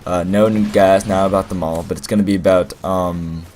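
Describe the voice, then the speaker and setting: A man's voice: deep voice, fairly even intonation, brisk, a little mellow, slight background noise. A young man telling a rambling, playful story as casual gameplay commentary, full of fillers. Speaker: gaming commentator.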